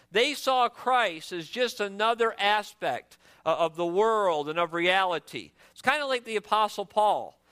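A man's voice: high voice, bright, forceful tone, clear, resonant tone. A man preaching a sermon in an earnest way, often repeating words and restarting his sentences.

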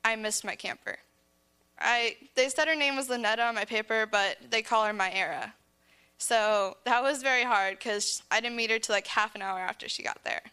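A woman's voice: on the high side, moderate pace, pushed and bright, smooth. A teenage girl giving an earnest personal testimony about camp to a church audience, often saying "like" and laughing between phrases. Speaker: speaker sharing a camp testimony.

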